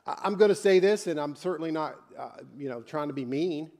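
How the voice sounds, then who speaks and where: Pastor, male, slightly high voice, conversational preaching with big swings between hushed and loud. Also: brisk, few pauses. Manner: preacher who swings from quiet intimate asides to loud shouted climaxes; conversational, repeats and restarts words. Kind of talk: sermon.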